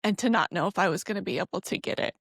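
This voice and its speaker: Animated storytelling woman, dry close sound. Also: medium pitch, rapid-fire, slightly rough, no echo. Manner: animated storytelling, laughs often, acts out quoted dialogue. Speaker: podcast co-host. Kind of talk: casual chat.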